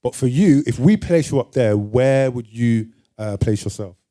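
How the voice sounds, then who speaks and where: A man's voice: medium pitch, animated, normal speed, dark tone. A man hosting a sit-down interview, attentive and asking open questions. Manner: attentive, frequent short affirmations. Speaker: interviewer host. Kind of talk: conversational interview.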